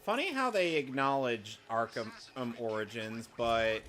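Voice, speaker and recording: A man hosting a game playthrough, chatting in a rambling, excitable way that keeps restarting its sentences. his voice sits in an ordinary middle register, with clear background noise. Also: mid-range voice, unhurried. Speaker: let's play host. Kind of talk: casual gameplay chat.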